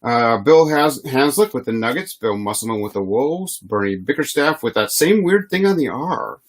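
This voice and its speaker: A man's voice: medium pitch, expressive, moderate pace. A man hosting a live trading card box break, reading player names in a chatty, easygoing way and laughing often.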